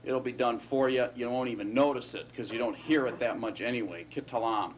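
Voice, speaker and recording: A man's voice: medium pitch, a little fast, a little hiss or hum. A man teaching Hebrew grammar in a classroom lecture, conversational and often checking in with his students. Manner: conversational, checks in with frequent "right?" and "okay?".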